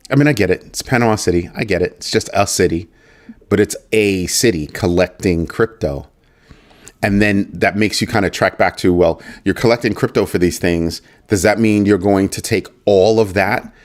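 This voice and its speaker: Low-voiced man hosting a casual crypto livestream. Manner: joking banter with chat, repeats "just saying". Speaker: host of a crypto news livestream.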